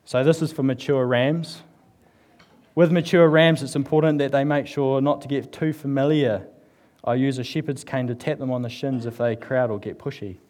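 A New man preaches at a church service in a loose, conversational way, joking with the congregation and sprinkling his talk with fillers. His voice sits at an ordinary middle pitch. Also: steady tone, a little fast, few pauses, dark tone. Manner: chatty and joking, with frequent fillers. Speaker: church speaker. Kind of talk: casual humorous sermon.

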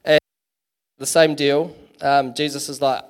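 A man's voice: on the high side, flat delivery, a little slow. A man giving a casual, chatty sermon in church, full of fillers and self-deprecating asides. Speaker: preacher.

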